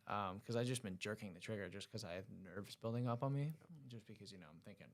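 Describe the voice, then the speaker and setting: Fast-talking young man telling stories. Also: fairly low pitch. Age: young adult. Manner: quick, animated storytelling. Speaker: cadet guest. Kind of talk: casual podcast storytelling.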